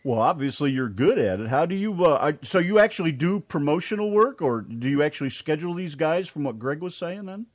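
A man's voice: on the high side, lively intonation, brisk, hardly any pauses. A man hosting a casual radio chat show, folksy and teasing in his banter.

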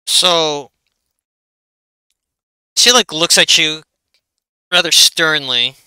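A man narrates a tabletop game as its game master, talking loosely with lots of fillers. His voice is very bright and crisp, pitched a bit high for a man, and recorded dry and close. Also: drawn-out words, dry recording, low-quality recording. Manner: loose and chatty, full of fillers and restarts.

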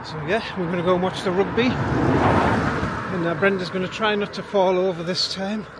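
High-voiced man, breathless by traffic. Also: fairly even intonation, moderate pace. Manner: chatty and self-amused, chuckling often. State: slightly out of breath from walking. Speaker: vlogger. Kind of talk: casual walking vlog chat. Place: outdoors beside a busy road. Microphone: handheld camera, built-in mic. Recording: loud traffic noise outdoors.

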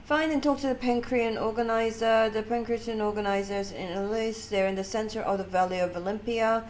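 A woman's voice: a little high, steady tone, a little fast, a little mellow, slight background noise. Woman host of a gaming channel; chatty, giggly gameplay commentary. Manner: giggly, chatty, reacting with bursts of laughter. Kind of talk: casual let's-play commentary.

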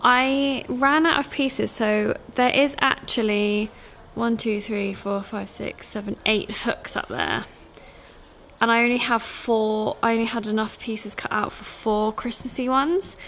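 Her voice a little high, fairly bright, and a bit slow, a young woman who runs a sewing school and teaches in it chats to camera about her week. It's a casual vlog, chatty and full of fillers, with slight background noise.

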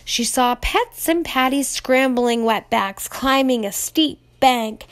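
A woman reading a children's storybook aloud, gentle and expressive, dropping to a whisper at tense moments. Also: sits high, slow. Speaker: storybook reader. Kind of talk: children's read-aloud narration.

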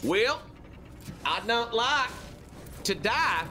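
A man's voice: very high-pitched, big pitch swings, extremely slow, bright, forceful tone, slight background noise, pitched above the performer's own voice, exaggerated voice. A man putting on the voice of a boastful country guy with a twangy drawl. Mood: cocky.

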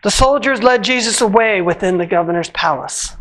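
Scripture reading, church service, measured, solemn, slowed phrase endings, mid pitch. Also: lively intonation, fairly bright tone, poor audio. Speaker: scripture reader.

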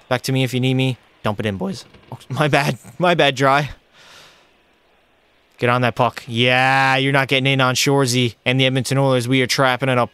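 A young male streamer calls his hockey game live, excitable and chatty as he talks to his chat and his virtual teammates. His voice is smooth and clear at an ordinary pitch. It sits close and dry on the mic with no room around it. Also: no room sound. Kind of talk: live gameplay commentary.

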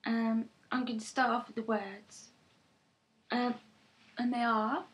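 A young English woman, a vlogger, reading a word list and answering questions, slow and careful with soft "um" pauses. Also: fairly high pitch, level tone, rough recording. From England.

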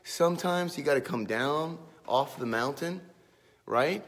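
A man's voice: fairly high pitch, measured pace, a bit bright. A man who is a pastor, walking and chatting in a casual vlog, joking and mocking himself, first outside on the church grounds and then inside a sanctuary, talking into a handheld camera. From small-town Pennsylvania, USA. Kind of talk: casual vlog walk-and-talk.

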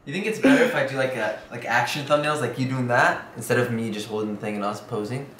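A man's voice: medium pitch, lively intonation, a bit bright, roomy sound. A young man chatting casually with a friend, telling stories and laughing as he goes. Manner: fast, laughing storyteller. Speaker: fellow vlogger. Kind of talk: casual chat.

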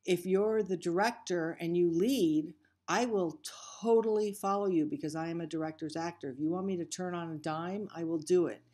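Candid, emphatic older actress. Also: female voice, on the low side, normal speed, dark tone. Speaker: guest actress. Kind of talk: casual interview chat.

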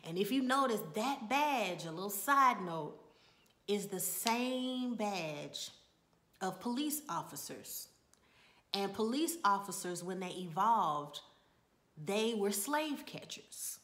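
A woman talks through a TV episode scene by scene in a relaxed, conversational way. She tells it like a story to a friend, adds side remarks, and sometimes drops to a whisper. Her voice sits at an ordinary, mid pitch. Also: slow pace. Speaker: TV episode reviewer. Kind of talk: casual spoken recap.

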